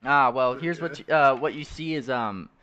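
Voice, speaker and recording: A man narrating as game master of a tabletop game, halting often with uh and um fillers. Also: mid-range voice, pushed and bright, dull audio.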